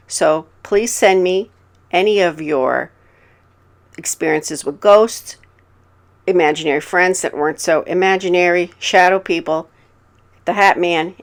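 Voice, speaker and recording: A woman narrating horror stories for her channel in a calm, measured way. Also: fairly low pitch, low-quality recording.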